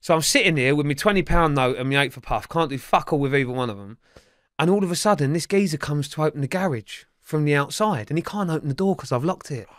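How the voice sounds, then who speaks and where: A man spins a rowdy true story in a podcast interview, swearing constantly and mimicking the people in it. His voice sits a little high for a man. The recording is close and dry, with no room sound. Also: fast talker, no room sound. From England. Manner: animated, swears freely, acts out the voices of others. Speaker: interview guest.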